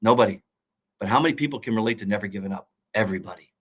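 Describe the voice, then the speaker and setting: This middle-aged man, a college football coach who once played professionally, speaks in a lowish, slightly bright voice at a rapid-fire clip. In a motivational interview he tells his story earnestly, almost preaching, and keeps repeating key phrases.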